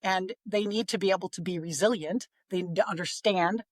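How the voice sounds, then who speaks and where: A middle-aged woman talking about parenting on a podcast, chatty and expressive, sometimes acting out what others said. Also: mid-range voice, a little fast, dry recording. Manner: chatty, expressive, acts out quoted voices. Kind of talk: casual podcast conversation.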